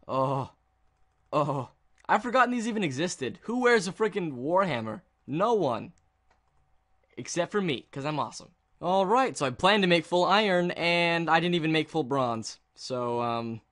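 A man giving casual gameplay commentary, excitable and jokey, with mock-dramatic outbursts. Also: on the high side. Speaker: gaming video creator.

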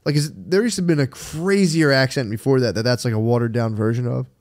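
A man's voice: medium pitch, fast talker, darkish tone. A young man co-hosting a casual podcast chat who laughs a lot and slips into silly put-on voices. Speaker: podcast co-host.

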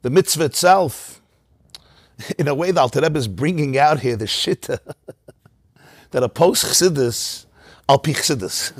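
A man teaching a Torah class in a study hall, telling stories in a lively way, with many Yiddish and Hebrew terms. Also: fairly high pitch, unhurried, long pauses, husky, studio quality.

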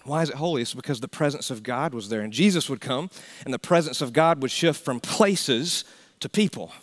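A man preaching a sermon as pastor, swinging from loud emphatic calls to hushed near-whispers. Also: medium pitch, animated, fairly quick.

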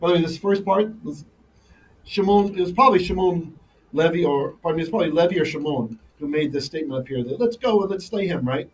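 A man's voice: a little high, quick pace, distant mic, low-quality recording. A man teaching a live online Bible lesson, reading Hebrew verses and translating them line by line, often checking in with "right?". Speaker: Torah teacher.

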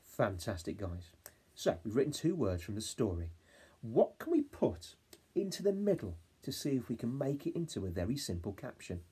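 A young male teacher from England talking to young children in a home-learning phonics lesson, saying words slowly sound by sound and prompting them to repeat after him. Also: lowish voice, big pitch swings, darkish tone, husky. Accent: English. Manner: slow, sound-by-sound modelling with call-and-response prompts. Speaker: reception class teacher.

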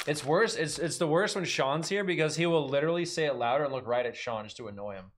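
A man's voice: a little high, fairly quick, noisy background. Man joking through a live card break. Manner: joking, rattles off card names.

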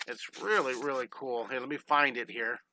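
A man's voice: medium pitch, fairly even intonation, normal speed, bright, forceful tone, slight background noise, low-quality recording. A man teaching a live online drawing lesson, upbeat and encouraging, talking his students through each step and breaking into playful chants and sound effects.

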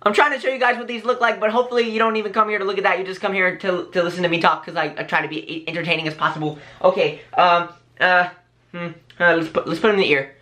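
A young man talks through an unboxing vlog in a bright, forward voice. He is chatty and easily excited. He speaks straight to his viewers as he goes. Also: high-pitched, quick pace. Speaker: YouTube vlogger.

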